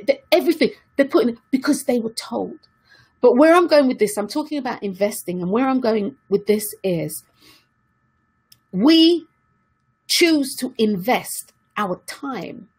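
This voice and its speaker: A woman's voice: medium pitch, husky. A woman giving an earnest motivational talk to her viewers, repeating key questions for emphasis. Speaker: self-help speaker.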